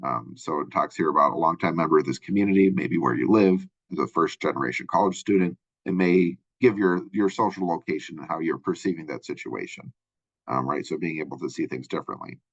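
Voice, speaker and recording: A middle-aged man lectures to his class in a loose, conversational way, filling pauses with "um" and checking in with "right?". His voice sits very low with a husky edge. The recording is dry and dull, like a lo-fi close mic. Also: no echo. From Minnesota. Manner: casual, rambling, many fillers and tag questions. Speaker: college instructor.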